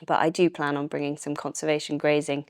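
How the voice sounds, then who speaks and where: A young woman with a Welsh accent talks about the land she manages in an easy, enthusiastic way, laughing often. Her voice sits low and comes across smooth and clear. The recording is dry and close. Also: fast, dry recording. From Wales. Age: young adult. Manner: chatty, laughs easily, relaxed and enthusiastic. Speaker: estate manager, guest. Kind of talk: casual interview chat.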